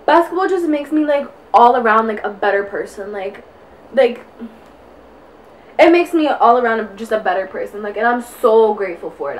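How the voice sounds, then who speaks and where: A woman's voice: medium pitch, a little hiss or hum. A young woman vlogging in casual chat while getting ready, out of breath and rambling with constant fillers. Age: young adult. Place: indoors at home, getting ready.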